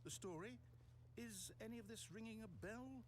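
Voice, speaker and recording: A man's voice: high-pitched, moderate pace, slight background noise, natural voice. A man voicing a middle-aged male game narrator who speaks in a dry, mock-grand, theatrical way.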